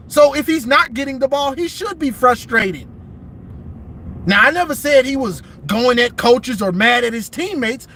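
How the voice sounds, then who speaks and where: A man's voice: very high-pitched, fairly bright tone. A man ranting casually about football on a livestream from inside his car, emphatic and repeating himself. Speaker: sports commentator vlogger.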